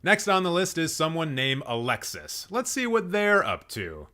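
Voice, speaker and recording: A man's voice: fairly high pitch, big pitch swings, moderate pace, bright, forceful tone. A man hosting a casual live stream, playfully roasting people and laughing at his own jokes while he rambles and corrects himself. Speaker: host.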